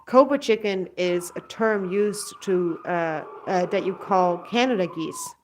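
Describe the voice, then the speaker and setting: A woman's voice: fairly low pitch, measured pace, a little hiss or hum. A woman in her thirties chatting casually while she puts her backyard birds to bed, rambling and stopping to coo at them. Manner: rambling, stops to coo bedtime words at the birds. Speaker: pet goose vlogger. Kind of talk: casual chat while doing evening chores. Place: outdoors by a backyard coop.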